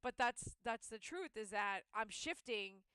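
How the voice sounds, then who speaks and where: Woman, pet groomer, casual heartfelt monologue, rambling storyteller, higher voice, dry close sound. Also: animated, a little slow, pushed and bright, clear, resonant tone, dry recording. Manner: rambling storytelling, replaying her own inner voice. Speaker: pet groomer and channel host.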